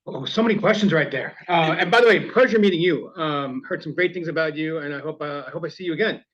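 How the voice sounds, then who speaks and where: A man, talking passionately and quickly as an interview guest. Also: on the high side, fairly bright tone. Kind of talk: interview chat. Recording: slightly dull lo-fi sound.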